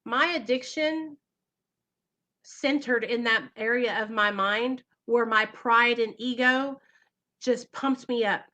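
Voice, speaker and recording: A woman speaks straight to her viewers from home, earnest and emotional as she hosts a recovery channel. Her voice sits a little high and rings bright and forceful. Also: slow pace, highs cut off. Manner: earnest, emotional, keeps addressing viewers directly. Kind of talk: livestream talk to viewers.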